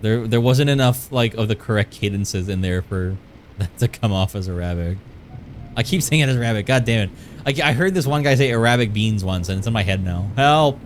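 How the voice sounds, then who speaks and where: A man's voice: lowish voice, fairly quick, slight background noise. A man streaming live, chatting playfully with his viewers and rambling while he draws. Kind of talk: casual live-stream chat while drawing.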